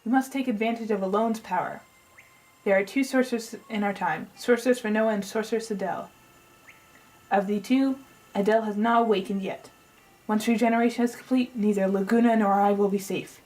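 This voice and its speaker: In poor audio, a woman with a medium pitch and a slightly mellow tone reads briskly and steadily, with a touch of acting. She delivers the lecturing lines of a pompous, eccentric male scientist outlining a lengthy plan from a game, trying a put-on accent that she repeatedly lets go.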